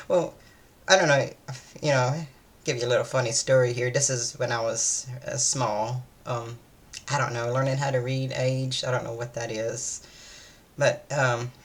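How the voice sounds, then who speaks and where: A weary, low-energy woman vlogs a casual day-in-my-life chat in a very deep voice. Her tone stays steady and her pace measured, with long pauses, and she meanders hesitantly through many fillers and restarts.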